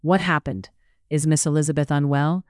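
A narrator voicing an earnest, caring young woman in a read-aloud story, with a smooth voice. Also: mid-range voice, fairly even intonation, normal speed, no echo, studio quality, lightly acted. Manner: earnest, gentle. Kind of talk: audiobook character reading.

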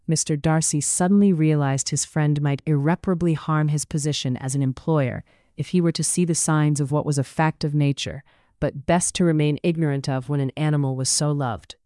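An audiobook narrator reading a period novel in an even, measured way. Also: mid-range voice, clear, resonant tone, no echo, clean studio sound.

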